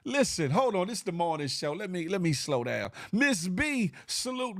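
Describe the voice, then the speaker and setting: A man from the US South keeps a normal speed and rarely pauses as he reads chat messages on his casual morning live stream. Laughter comes often, and his delivery is animated with big pitch swings. It's a dry, studio-quality recording.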